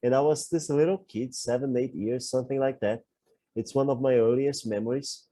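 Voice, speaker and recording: Earnest dark-voiced man, dry close sound. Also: mid-range voice, fairly even intonation, moderate pace, no echo. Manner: earnest, self-reflective storytelling. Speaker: podcast co-host. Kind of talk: candid conversational podcast talk.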